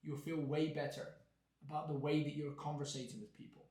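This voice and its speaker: A man teaching an English lesson, explaining clearly and acting out examples with exaggerated intonation. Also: on the high side, level tone, fairly quick, dark tone. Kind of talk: video lesson. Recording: echoey room.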